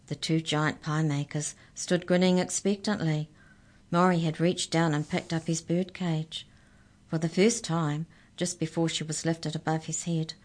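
A woman reads a children's story aloud with gentle, expressive narration. Her voice sits low and calm.

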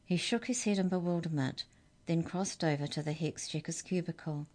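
A woman reads a children's story aloud as the storyteller, in a lively, expressive way. Her voice sits low. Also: normal speed.

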